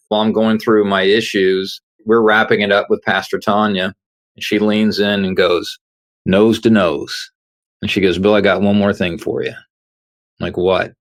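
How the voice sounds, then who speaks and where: A middle-aged man with a slightly low voice tells his story as an interview guest. He is earnest and conversational, and he plays out the quoted lines of the people he met. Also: fairly bright tone. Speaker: guest, author. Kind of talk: telling a personal story in an interview.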